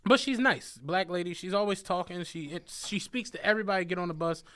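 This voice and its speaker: A man from Philadelphia who drives a bus, telling animated, laughing stories on a casual podcast. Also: high voice, fast talker. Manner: animated, laughing anecdotes with voiced asides. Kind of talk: casual storytelling chat.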